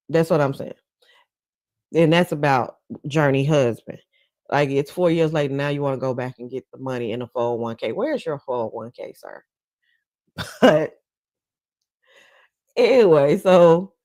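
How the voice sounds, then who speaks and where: A woman's voice: deep voice, darkish tone, no room sound. Chatty woman hosting a gossip stream. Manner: chatty, gossipy, laughs between points, talks straight to viewers. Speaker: livestream talk show host. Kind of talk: casual commentary chat.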